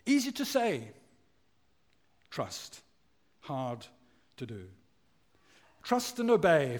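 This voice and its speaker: A man preaching a sermon, telling a story with acted-out voices and letting his phrase ends drop low and quiet. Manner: tells a joke story acting out voices.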